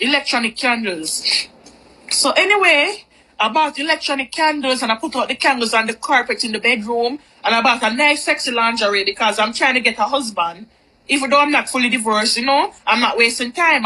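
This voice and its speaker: A woman's voice: fairly high pitch, sharp tone, rough recording. A woman telling a personal story in a candid, rambling, chatty way. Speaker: vlogger. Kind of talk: storytime monologue.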